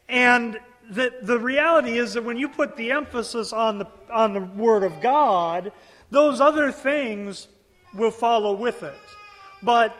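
A high-pitched male preacher delivers an expository sermon. He reads scripture and then explains it earnestly, repeating words as he reaches for each point. His voice rings out with a long hall reverb. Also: a bit bright.

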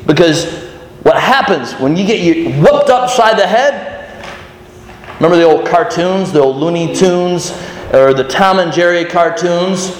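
High-voiced preacher in an echoey hall. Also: male voice, a little slow. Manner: animated, questioning the audience, restarts. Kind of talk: sermon to children. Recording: echoey hall with faint noise.

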